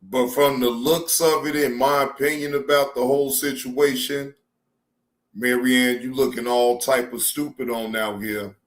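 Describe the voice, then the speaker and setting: A man's voice: mid-range voice, fairly even intonation, unhurried. A man hosting a reaction stream, commenting casually and calling his viewers family. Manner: laid-back, addresses viewers as family. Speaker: reaction show host.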